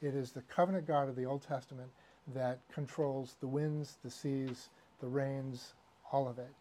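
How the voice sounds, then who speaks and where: A man's voice: mid-range voice, fairly even intonation, normal speed, warm tone. Guy teaching a church class, mid voice, chatty with lots of ums. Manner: conversational, with fillers and asides. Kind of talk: church doctrine lecture.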